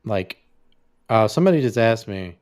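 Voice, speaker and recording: A man's voice: on the low side, animated, normal speed, darkish tone. A man co-hosting a podcast in casual chat, laid-back, swearing freely and laughing often. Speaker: podcast co-host.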